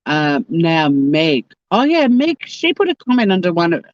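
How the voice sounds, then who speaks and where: A YouTube livestream host from Australia, with a South Australian accent, reads out comments while rambling bluntly and swearing. Her voice sits on the low side with big pitch swings at a moderate pace, and the audio is dull with no room sound.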